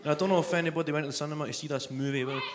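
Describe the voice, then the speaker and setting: A man's voice: a little high, steady tone, racing, a little hiss or hum. A young man in his twenties with a Glasgow accent, doing an exasperated, sweary stand-up comedy set. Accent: Glaswegian Scottish. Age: 20s. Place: comedy stage with live audience.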